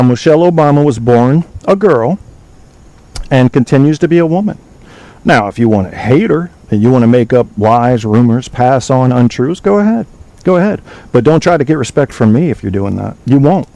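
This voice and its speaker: A man's voice: mid-range voice, animated, moderate pace, gravelly, mellow, no room sound, poor audio. A man hosting a talk podcast, lecturing bluntly and swearing freely, reading aloud from a web page now and then. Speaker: podcast host. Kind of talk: opinionated call-in show monologue.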